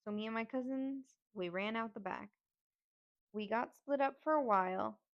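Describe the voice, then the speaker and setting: A woman's voice: fairly high pitch, moderate pace. A woman hosting a podcast, telling a personal story in a candid, casual and profane way. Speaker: podcast host. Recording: slightly dull lo-fi audio.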